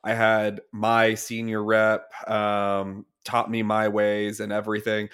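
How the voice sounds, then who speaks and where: A man co-hosting a casual podcast about device sales, relaxed and agreeable, adding quick asides to his friend's stories. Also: lowish voice, clear, resonant tone.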